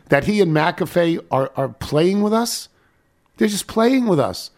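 An older man hosts a talk radio show in a lively, swooping voice. He rants indignantly and fires off rhetorical questions in easygoing banter. His pitch climbs and falls all the way through. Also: unhurried, vocal fry.

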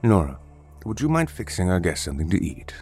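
A man's voice: low-pitched, very animated, fairly quick, a little mellow, faint music behind. A man voicing a friendly, polite husband in a read-aloud story, speaking in a slightly hesitant way. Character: friendly husband, adult man, welcoming host. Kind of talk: storybook narration.

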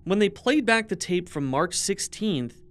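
A man co-hosts a true-crime podcast, trading easy remarks and reading through the case. His voice sits a little high and sounds smooth and clear. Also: animated, a little slow. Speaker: podcast co-host. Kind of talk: casual true-crime podcast chat and narration.

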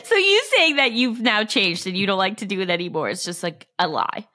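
A young woman co-hosting a podcast in casual chat, skeptical and quick to laugh. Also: mid-range voice, animated, bright, forceful tone. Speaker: podcast co-host.

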